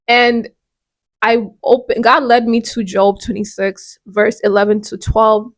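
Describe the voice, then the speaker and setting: A woman's voice: fairly high pitch, little pitch movement, unhurried, no room sound. A woman hosting a devotional podcast. She talks in an earnest, conversational way and often restarts her sentences. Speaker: podcast host.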